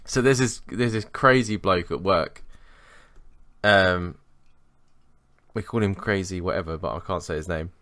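A man's voice: sits low, unhurried, long pauses, fairly bright tone, dry recording. A man co-hosting a podcast, telling a rambling work story in casual chat, swearing and laughing as he goes. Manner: rambling, swearing, laughs at his own stories. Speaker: podcast co-host.

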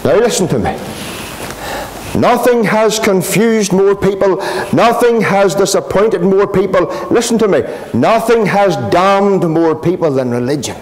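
High, lively Northern Irish preacher. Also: male voice, measured pace, rough recording. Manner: emphatic, repetitive, addresses listeners as friends. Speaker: pastor. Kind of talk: revivalist gospel sermon. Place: gospel hall.

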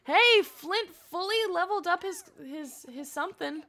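Speaking at normal speed in a very high-pitched voice, a young woman narrates her gameplay for a live stream. She gushes with excitement and keeps talking to the game characters.

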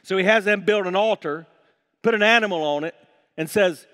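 A man preaching a sermon as pastor, animated and acting out scripture passages with playful voices. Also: sits high, moderate pace, big-room sound. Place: church sanctuary.

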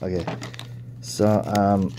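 A man's voice: sits low, steady tone, slow, noisy background. A man giving casual, chatty toy unboxing commentary, thinking aloud and easily impressed. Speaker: toy reviewer.

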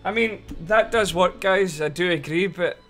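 A man's voice: high voice, normal speed, a bit bright, soft background music. A young man chatting casually on a live game stream, laughing often and swearing freely.

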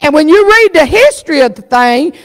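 A woman's voice: high-pitched, sing-song, a little fast. A woman pastor preaching a sermon, telling the story with fervour. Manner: fervent storytelling preacher who acts out the story's characters. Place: church. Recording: reverberant church sanctuary.

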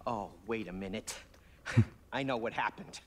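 An actor playing an excitable grown man turned into a doll in a video game, bossy and theatrical. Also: fairly low pitch, a little slow. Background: game music.

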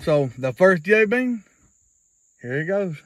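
Folksy man with a lively, high voice. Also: measured pace, no echo, rough recording. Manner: folksy, rambling, repeats himself. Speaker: vlogger. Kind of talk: casual video blog.

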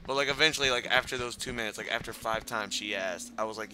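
A man's voice: mid-range voice, a little fast, hardly any pauses, bright, forceful tone, slight background noise. A young man casually telling a long story while playing a video game, swearing often and full of fillers. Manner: laid-back, profane, filler-heavy, laughing asides. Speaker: gameplay commentator. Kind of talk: casual storytelling over gameplay. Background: video game music.

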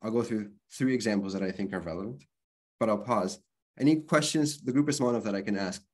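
A man's voice: lowish voice, fast, darkish tone. A man presenting an online literacy workshop, explaining things in a conversational way and spelling out sounds. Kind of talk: workshop lecture.

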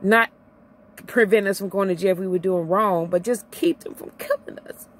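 A middle-aged woman from Illinois vlogs an emotional, impassioned rant about her own life, verging on tears and repeating herself, her voice shifting from high to low. She keeps a moderate pace.

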